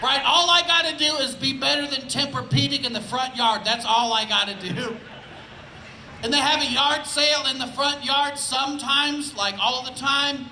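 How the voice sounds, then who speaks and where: A man from Indianapolis, a stand-up comedian, performs laid-back, conversational live comedy on an outdoor festival stage, often asking "right?". His voice is extremely high-pitched, at normal speed, with a sharp tone. The rough recording sounds echoey, with a little hiss or hum.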